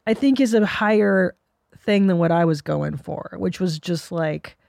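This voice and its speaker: A woman's voice: fairly low pitch, a little slow, creaky, a little mellow, no room sound, studio quality. A woman hosting a podcast, chatting candidly and swearing freely. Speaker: podcast host. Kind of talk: casual podcast chat.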